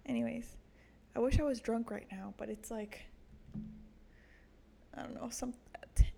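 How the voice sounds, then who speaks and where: Crude, gravelly-voiced young woman podcaster. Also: fairly high pitch, a little fast, mellow, slight background noise. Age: young adult. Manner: crude, self-mocking, swears a lot, laughs at own jokes. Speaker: podcast host. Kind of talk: casual solo podcast monologue.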